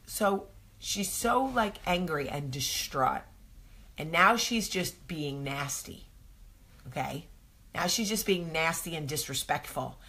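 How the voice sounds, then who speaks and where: Low, husky woman chatting slowly. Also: pushed and bright. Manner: rambling storyteller, many ums. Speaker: host. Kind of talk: casual morning chat.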